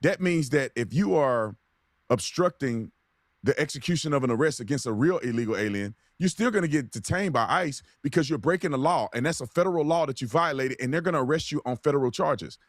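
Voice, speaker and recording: A man co-hosting a reaction video, speaking in animated, rambling casual commentary with slang. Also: medium pitch, brisk, no echo, clean studio sound. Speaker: co-host.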